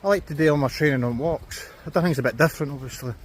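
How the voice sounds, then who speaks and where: Swearing Scottish man, higher voice. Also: rapid-fire, noisy background. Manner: blunt, heavy swearing, chatty. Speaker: dog owner and trainer vlogger. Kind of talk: casual vlog chat. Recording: background music under voice. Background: music.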